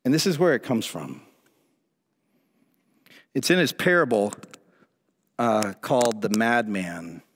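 Pastor preaching in a reverberant hall. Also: male voice, expressive, slow, long pauses. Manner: conversational, dropping to a low hush for dramatic reading. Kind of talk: sermon with a dramatic reading. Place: large church hall. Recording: long reverb of a large hall.

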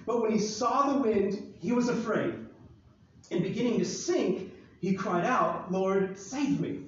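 A man's voice: high voice, animated, a little slow, slight background noise. A man preaching a casual sermon to a live audience, joking and acting out Bible scenes. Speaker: pastor. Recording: far-off echoey hall, dull sound.

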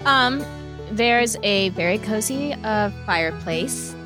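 A woman player in a tabletop game, describing her character's home haltingly and searching for words. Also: medium pitch, lively intonation, over music. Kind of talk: tabletop role-play chat.

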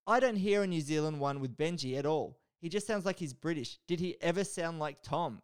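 A man's voice: fairly high pitch, fairly quick, smooth. A man hosting a podcast, chatting casually and reading out listener mail, joking and swearing a lot. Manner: profane, animated and joking. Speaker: podcast host.

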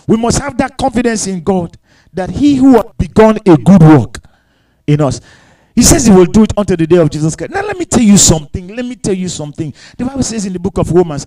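A man preaching a sermon in a very high, lively voice that swings widely in pitch. He stacks repeated phrases and throws rhetorical questions at his congregation. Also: rough recording. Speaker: pastor.

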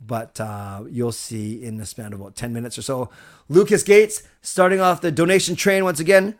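A man's voice: mid-range voice, fairly even intonation, normal speed. Chatty, rambling male livestream host. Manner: chatty, rambling, thanks viewers. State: recovered from a cold. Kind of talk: casual live-stream chat.

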